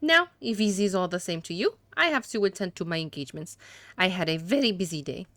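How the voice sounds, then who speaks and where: A woman's voice: on the low side, lively intonation, fairly quick, a bit bright, no echo. A woman voicing a smug, condescending older dandy, with an attempted French accent and a haughty, formal way of talking.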